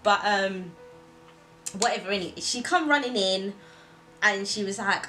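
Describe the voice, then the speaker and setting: Young woman, vlogger, casual confessional chat, mid pitch, faint music under. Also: normal speed, pauses often, low-quality recording. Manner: chatty, animated quoting of others. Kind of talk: casual storytelling chat to camera.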